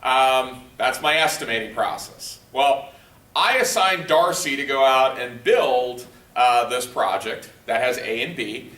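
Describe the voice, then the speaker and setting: In a distant-sounding, echoey room, a man leading a leadership workshop talks to a live group in a conversational way. He speaks unhurriedly in a mid-range, sharp-toned voice, regularly quizzing the room and using lots of fillers.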